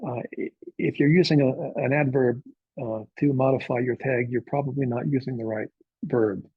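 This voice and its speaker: A man's voice: mid-range voice, fairly even intonation, moderate pace, breathy edge, no echo, phone-quality sound. A man, a novelist, giving an informal workshop talk to writers, speaking conversationally with frequent filler uhs and checking in with "okay?".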